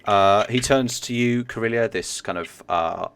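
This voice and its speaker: A man's voice: on the low side, a little slow, a bit bright, a little hiss or hum. A man narrating as game master, hesitant with many fillers.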